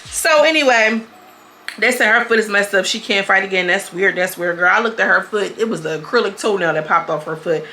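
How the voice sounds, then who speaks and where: A young woman gives a fast, loose recap of a reality show, blunt and full of swearing. Her voice sits at a middle pitch with a bright, forward edge. A faint room hum sits behind her. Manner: animated, blunt and profane, jumps into quoted voices. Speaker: reality TV reviewer. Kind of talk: casual review commentary.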